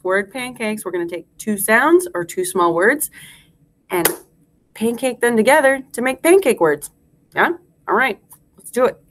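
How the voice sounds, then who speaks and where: A woman's voice: medium pitch, lively intonation, normal speed, a bit bright. A woman teacher leading a phonics lesson for young children, speaking in a sing-song way and drawing out each sound.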